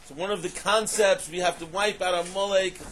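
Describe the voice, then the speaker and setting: A man's voice: sits high, steady tone, brisk, fairly bright tone, slight background noise. A man giving a Torah lecture in English full of Hebrew and Aramaic terms. He poses questions, then repeats and stresses them. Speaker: Torah teacher.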